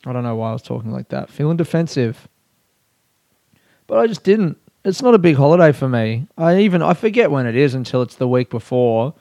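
A man's voice: medium pitch, animated, a little fast, dry recording. A young Australian man doing a rambling, profane, self-mocking comic monologue in casual chat. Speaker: comedian.

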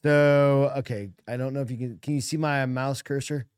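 A man co-hosting a casual podcast, talking crudely with lots of swearing and quick asides. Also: mid-range voice, fairly even intonation, a little mellow, smooth, no room sound, studio quality. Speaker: podcast co-host.

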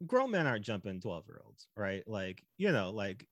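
A man hosts a casual film podcast, his voice sitting a little low. He rambles through his points with plenty of "like" and "you know". The sound is dry and close. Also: normal speed, dry recording, muffled recording. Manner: relaxed and rambling, heavy use of "like". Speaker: podcast host.

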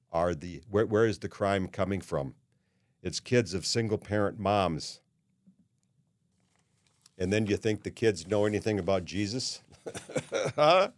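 A man's voice: on the low side, dry recording, clean studio sound. A man in his seventies hosting a podcast, ranting bluntly in a monologue with many "uh"s and restarts. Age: 70s. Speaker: podcast host. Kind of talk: opinionated monologue.

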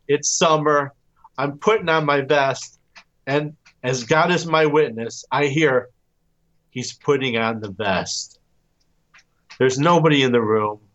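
A man telling his own stories as a guest in a casual interview, easygoing and quick to chuckle. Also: on the high side, a bit bright, lo-fi sound. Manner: easygoing storyteller, chuckles often. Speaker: podcast guest.

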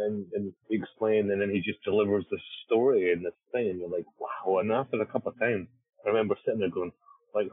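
A man's voice: deep voice, slightly rough, dry recording. A man co-hosting a podcast from a research ship over a satellite call, talking in a rambling way and repeating himself. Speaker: podcast co-host, deep-sea scientist. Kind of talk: casual talk over satellite link. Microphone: satellite internet call. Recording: narrow phone-like call line.

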